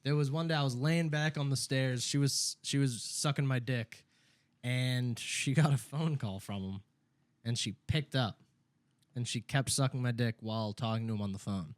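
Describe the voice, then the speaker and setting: A young man in a casual podcast chat, telling a rambling story full of swearing and filler words. His voice sits at an ordinary middle pitch for a man. It is recorded close and dry, with no room sound. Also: normal speed, dry recording. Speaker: podcast co-host.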